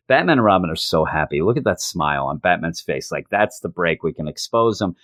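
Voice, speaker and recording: A man reviewing an old comic book, retelling the plot in a casual, animated way and briefly acting out the characters' lines. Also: low-pitched, fairly quick, few pauses, no room sound.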